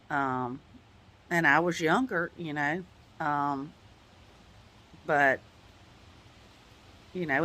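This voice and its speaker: Deep-voiced with a fairly bright tone, she's a vlogger sharing a casual life update. Her talk is rambling and sincere, laced with "you know," and she becomes teary now and then.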